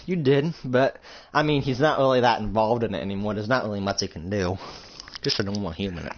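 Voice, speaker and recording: A young man casually narrating a shared roleplay story to a friend, rambling with lots of fillers and sudden loud character lines. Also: on the low side, brisk. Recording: lo-fi home recording with faint hiss.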